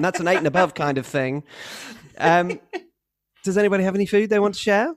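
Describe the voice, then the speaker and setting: A man hosting a podcast, chatting with friends in a dry, deliberate, witty way. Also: sits high. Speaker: podcast host. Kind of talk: casual chat among friends.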